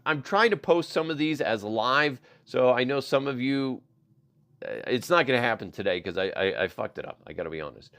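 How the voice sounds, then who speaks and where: A man's voice: mid-range voice, vocal fry, a bit bright. A middle-aged man hosting a podcast, chatting casually about odd news with lots of swearing and laughter. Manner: profane, laughing, riffs into silly voices. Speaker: podcast host. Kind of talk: casual comedic news chat.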